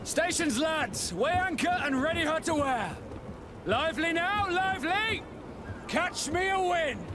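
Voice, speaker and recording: A ship officer who barks orders to his crew in a raised, high voice. Loud ambient noise from the game fills the background. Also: animated, a little slow. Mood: commanding. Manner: barking orders. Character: commanding ship officer shouting orders, man.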